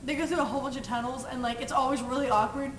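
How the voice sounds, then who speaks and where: Young woman rambling thru a movie story, high voice, giggles a lot, echoey room w/ background noise. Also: fairly even intonation, racing, fairly bright tone, recorded from a distance. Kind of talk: casual chat retelling a movie.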